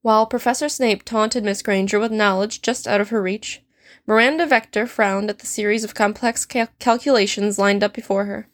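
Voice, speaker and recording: Woman reading a story aloud, steady and measured, mid pitch, dry close mic. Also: no echo. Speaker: fanfiction reader. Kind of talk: scripted story narration.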